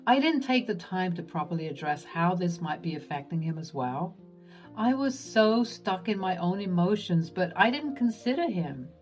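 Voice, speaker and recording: A woman narrating a first-person drama story in an expressive, dramatic storytelling manner. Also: fairly low pitch, moderate pace, faint music behind.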